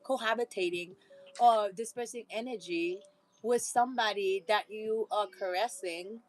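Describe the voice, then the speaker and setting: A woman's voice: mid-range voice, measured pace, rough recording. A woman vlogger giving a rambling, casual motivational talk, with frequent laughter and preachy asides.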